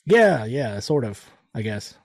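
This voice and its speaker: A man's voice: mid-range voice, sing-song, takes it slowly, no room sound, studio quality. A man in casual chat, easygoing and agreeable, laughing often.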